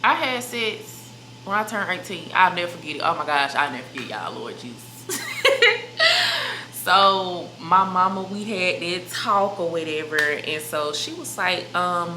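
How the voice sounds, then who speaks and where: A young woman vlogger talks straight to her viewers in a loose, emphatic sit-down chat. Her voice is bright and sits a little low. She is recorded in an echoey room with a faint hiss. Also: very animated, measured pace. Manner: chatty, emphatic, addresses viewers as "y'all" and "baby". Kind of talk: casual sit-down chat to camera.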